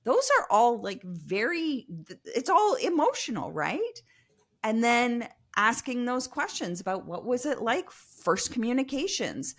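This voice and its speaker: A woman who is a guest consultant in a casual interview, explaining her work in a lively manner with many fillers. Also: on the high side, measured pace. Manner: explanatory, lively, uses fillers like um and you know. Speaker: customer experience consultant, guest.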